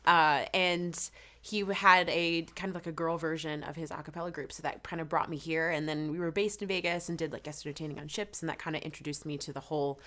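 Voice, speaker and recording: A woman's voice: low-pitched, fairly even intonation, fast talker, fairly bright tone. A young woman from Georgia, a singer guest in a casual interview, telling stories animatedly and acting out quoted asides. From Georgia, USA.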